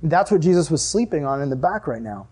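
A young man giving a casual, animated sermon as a youth pastor, with a chatty manner and lots of "like". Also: on the high side, fairly quick, husky. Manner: animated, chatty, heavy use of "like".

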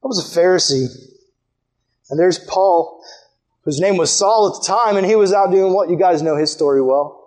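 A young man preaching a sermon, swinging from hushed, earnest passages to excited, near-shouted bursts. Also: high-pitched, normal speed. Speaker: pastor.

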